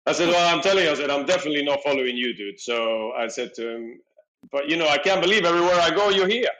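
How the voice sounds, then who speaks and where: Animated storytelling man, lively voice. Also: on the high side, fast talker, poor audio. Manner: animated, acts out dialogue, frequent "you know". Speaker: podcast guest. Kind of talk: storytelling in casual conversation.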